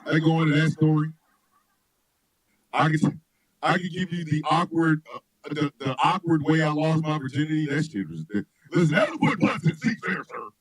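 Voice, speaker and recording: A man hosting a radio show, chatting loosely and telling comic stories, laughing often and shouting his punchlines. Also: on the high side, normal speed, no echo, rough recording. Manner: loud, laughing, animated storyteller who shouts punchlines. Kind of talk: loose comedic chat with storytelling.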